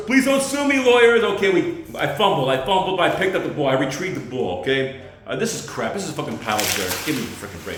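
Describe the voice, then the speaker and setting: A man's voice: medium pitch, a little hiss or hum. A man doing a rambling, self-deprecating stand-up monologue as an amateur comedian. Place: outdoors on a pile of dirt. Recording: very echoey spot.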